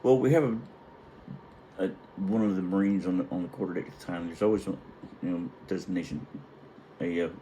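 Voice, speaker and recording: A man's voice: low voice, fairly quick, long pauses, mellow, a little hiss or hum, rough recording. A middle-aged man, a retired Navy chief, telling a wry and profane story in a casual, rambling way. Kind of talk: casual anecdote.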